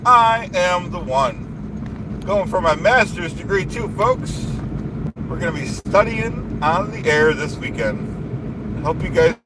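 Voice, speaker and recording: On a live stream, a man with a high voice rants slowly, boastful and indignant, returning to the same complaints again and again. Steady outdoor noise and passing vehicles sit beneath his voice.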